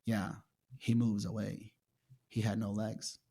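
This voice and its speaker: A man's voice: on the low side, completely flat delivery, slow, creaky, dark tone, husky. A man whose first language is Portuguese, a jiu-jitsu champion telling stories in a casual interview and acting out his own past lines.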